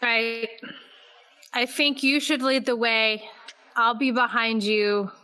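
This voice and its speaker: A woman's voice: fairly high pitch, flat delivery, slow pace, bright, forceful tone, clean tone, poor audio. A woman playing in a remote tabletop game, bossing and bantering with the other players. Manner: bossy, bantering in character. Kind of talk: casual tabletop play.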